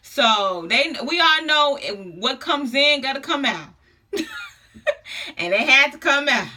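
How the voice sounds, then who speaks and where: A young woman tells a personal story straight to her viewers. Her voice sits a little high and sounds bright and forward. She talks casually, full of slang and laughter. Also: lively intonation, takes it slowly. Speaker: vlogger.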